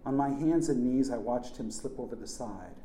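A man's voice: medium pitch, moderate pace, dark tone. A man narrating a first-person story in a plain, earnest manner. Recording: echoey room.

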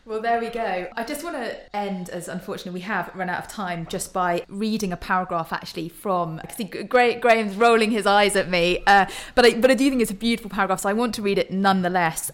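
A woman's voice: mid-range voice, fast, hardly any pauses. A young woman hosting a podcast discussion, talking conversationally with many "you know" fillers. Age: young adult. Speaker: podcast host.

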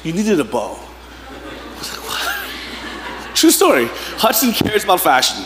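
A man's voice: high-pitched, fairly bright tone. A man in his thirties preaching a sermon as pastor, telling casual, joking stories and often breaking into laughter. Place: church sanctuary. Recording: echoey church hall with faint room noise.

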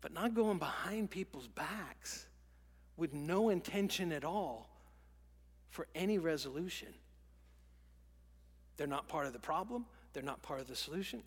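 High-voiced pastor guy preaching, acts out little lines, goes whispery for emphasis, long echoey church reverb. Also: animated, unhurried, long pauses, husky. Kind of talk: sermon.

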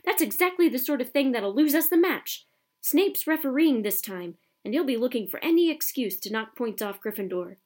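A woman voicing a stern boy team captain who yells orders at his team in a storybook reading. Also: a little high, expressive, fast, hardly any pauses. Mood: angry scolding. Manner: yelling, urgent.

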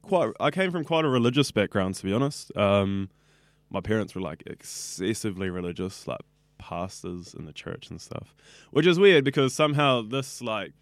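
A lowish, sing-song voice at normal speed belongs to a 21-year-old New Zealand man, a radio student chatting casually in an interview. The recording is dry; he rambles, piles on fillers and says "like" a lot.

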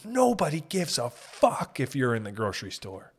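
A man's voice: mid-range voice, wildly swooping pitch, normal speed, breathy edge. A man in his thirties with a Canadian accent and a stuffy nose, riffing in a rambling, profane, jokey podcast monologue. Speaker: podcast host. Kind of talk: casual comedic monologue.

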